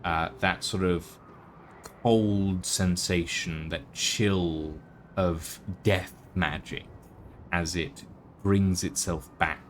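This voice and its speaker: A man narrating a tabletop game as game master, relaxed, with frequent fillers. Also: low voice, very slow, slight background noise. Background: background music.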